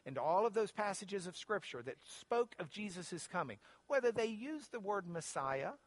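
Male Bible teacher, sermon delivery, slightly high voice, dry close sound. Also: big pitch swings, moderate pace, no room sound.

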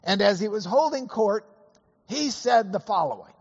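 Hoarse man telling a class story. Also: high voice, animated, normal speed, big-room sound, highs cut off. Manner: chatty anecdotal storyteller with many fillers. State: hoarse from illness. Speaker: Bible class teacher. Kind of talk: storytelling lesson.

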